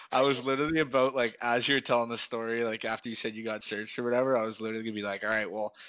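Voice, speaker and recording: A man hosts a podcast in loose, casual chat, ribbing his guest with crude jokes and frequent laughter. His voice is mid-pitched. The sound is close and dry, with slightly muffled audio. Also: fairly even intonation, quick pace, fairly bright tone, no room sound. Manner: joking, profane, laughing often.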